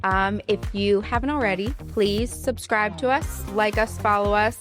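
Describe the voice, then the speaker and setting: A woman's voice: medium pitch, fairly even intonation, moderate pace, over music. A woman hosting a podcast, telling a client story earnestly with hesitant fillers. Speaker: podcast host. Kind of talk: casual podcast chat.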